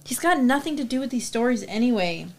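A woman's voice: on the high side, animated, quick pace. A woman playing a nervous young male writer in a stage play reading, pleading and defensive. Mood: scared pleading.

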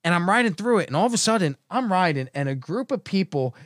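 Man, high voice for a guy, excitable rambler; dry close mic. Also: fast talker, no echo. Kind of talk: casual storytelling chat.

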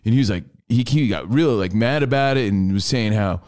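A man's voice: lowish voice, fairly quick, a little mellow. A man hosting a casual comedic chat, telling a story animatedly, acting out quotes and swearing freely. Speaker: show host.

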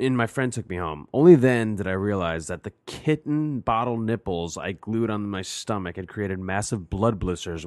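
A man's voice: fairly low pitch, no room sound, studio quality. A man co-hosting a podcast, chatting casually and reading a listener letter aloud with laughs and asides. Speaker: podcast co-host. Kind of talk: casual chat.

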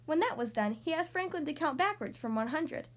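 A woman reads a children's storybook aloud with a high, bright voice. She sounds gentle and expressive. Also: fairly quick.

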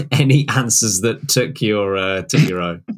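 A man's voice: on the low side, measured pace. A British man co-hosting a casual podcast, teasing his friends and laughing easily. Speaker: podcast co-host. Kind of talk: casual chat.

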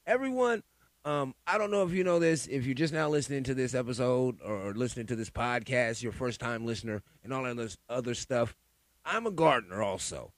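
A man hosting a solo podcast in a profane, animated rant, pleading and stammering through restarts. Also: medium pitch, a little fast, no room sound. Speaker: podcast host. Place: home in Sacramento.

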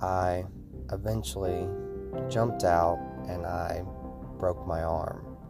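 Over steady background music, a very deep-voiced man narrates a scripted first-person horror story. He reads at a slow pace with a steady delivery and a creaky quality to his voice.

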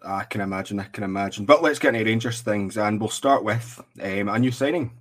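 Husky-voiced podcast host. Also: male voice, lowish voice, a little fast. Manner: relaxed, chatty, lots of ums. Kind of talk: casual football chat. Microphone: earphones in, podcast mic.

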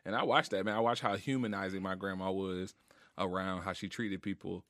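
A man's voice: sits low, steady tone, a little fast, fairly bright tone, dry recording. A man as a podcast guest, talking earnestly and emotionally in casual slang, close to tears. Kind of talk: heartfelt casual conversation. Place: recording studio.

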